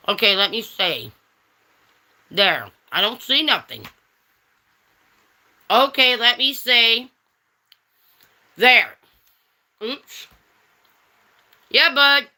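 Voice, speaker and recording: A woman's voice: a little high, sing-song, very slow, long pauses, pushed and bright. A woman hosting a casual livestream, reading chat and teasing viewers with pet names like honey and darling.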